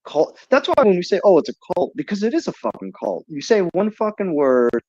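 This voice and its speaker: A man's voice: high-pitched, big pitch swings, brisk, dark tone, no room sound. A man hosting a casual call-in livestream, ranting in a heated, profane way. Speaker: livestream host. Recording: dull lo-fi stream audio.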